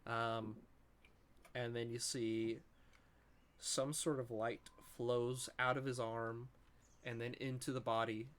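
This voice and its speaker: A man's voice: medium pitch, flat delivery, slow pace, fairly bright tone. A man narrating as game master, describing the scene with frequent ums.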